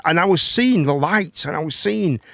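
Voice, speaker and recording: A man's voice: fairly high pitch, expressive, moderate pace, gravelly, fairly bright tone, no echo. A man, hosting a casual chat and telling a long story, rambling, swearing and repeating words. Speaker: host.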